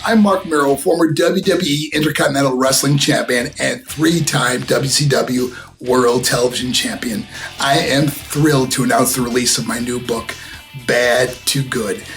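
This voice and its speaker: A man's voice: mid-range voice, steady tone, moderate pace, fairly bright tone, faint music behind. A man, a former wrestler, reading a scripted, upbeat promotional spot for his own book.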